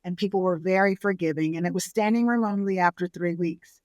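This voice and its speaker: A middle-aged woman from San Antonio, Texas, a restaurateur telling her family's history in a relaxed interview, lively and acting out the people she quotes. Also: on the low side, fairly quick, dry recording. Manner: lively storyteller who acts out family quotes. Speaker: restaurateur guest. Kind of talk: casual storytelling interview.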